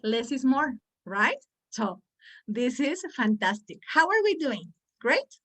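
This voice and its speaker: Lively woman coaching pronunciation, slightly high voice. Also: slow. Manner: animated, coaxing, repeats words for the group. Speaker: pronunciation trainer for teachers. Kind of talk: lively online teaching workshop.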